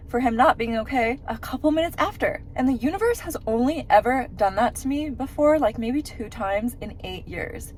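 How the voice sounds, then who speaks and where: A woman vlogger chatting her way through a personal story, animated and full of "like"s. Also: a little high, a little hiss or hum. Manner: chatty, animated retelling with many "like"s. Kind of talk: casual storytelling.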